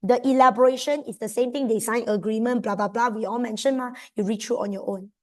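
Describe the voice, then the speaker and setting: A young woman with a Malaysian accent, giving an exam revision lesson in a lively, emphatic way. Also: a little high, fast. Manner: lively, emphatic, mixes in local slang particles. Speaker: tutor.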